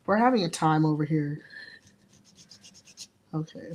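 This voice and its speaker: A woman's voice: low voice, steady tone, unhurried, pauses often, a little mellow, a little hiss or hum. A young woman nail artist giving a casual live tutorial, chatty and laughing at her own slips.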